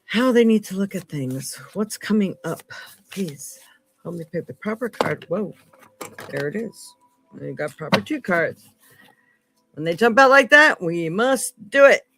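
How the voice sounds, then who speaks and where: A woman hosting a live psychic tarot reading. She speaks earnestly and swings between loud emphasis and hushed asides. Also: medium pitch, lively intonation, measured pace, background noise. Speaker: psychic tarot reader and host.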